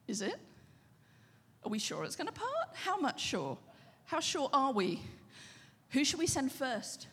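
Animated high-voiced woman preacher. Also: measured pace, pauses often, big-room sound. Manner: animated, conversational, asks the audience questions. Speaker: pastor. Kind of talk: sermon.

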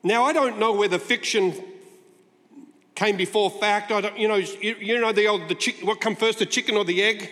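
A man's voice: sits high, moderate pace, bright, forceful tone. A man in his sixties preaching a sermon as a guest speaker, talking to the congregation in a conversational, playful storytelling way. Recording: long hall reverb.

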